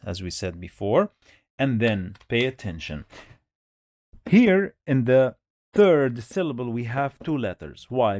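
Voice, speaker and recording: A male teacher giving a beginners' reading lesson at a very unhurried pace, with a mid-range voice. He breaks words into syllables and repeats each sound patiently so learners can follow along. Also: medium pitch, darkish tone, no room sound, clean studio sound.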